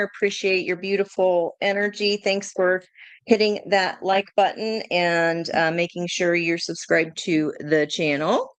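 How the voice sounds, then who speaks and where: A woman's voice: fairly low pitch, dry recording. A woman doing a live tarot reading, thinking aloud in a chatty way, laughing often and swearing casually. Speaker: tarot reader.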